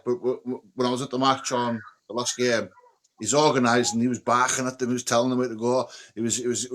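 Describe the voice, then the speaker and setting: A man talking as a guest on a casual sports podcast, excitable and repeating himself. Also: mid-range voice, quick pace.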